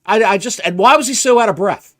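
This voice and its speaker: A man co-hosting a casual wrestling podcast, ranting with rapid rhetorical questions. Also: high voice, fairly bright tone. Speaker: podcast co-host.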